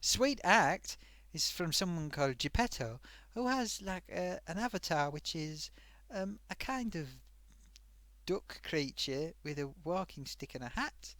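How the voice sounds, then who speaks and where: A man's voice: fairly high pitch, animated, unhurried, fairly bright tone, no room sound. A man hosting a casual live stream, reading out forum comments with a chatty, self-amused manner.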